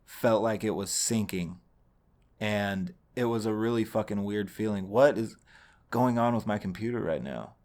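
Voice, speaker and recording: A young man recording himself at home, telling a heated, profane story in a rambling way. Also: fairly low pitch. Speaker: vlogger. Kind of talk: casual storytelling monologue. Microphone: home recording setup, watching audio levels.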